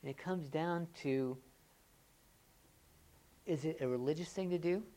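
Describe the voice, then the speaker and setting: Low-voiced woman preaching a lively sermon. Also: a little slow. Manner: swings from loud excited rhetorical questions to quiet earnest talk. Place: church.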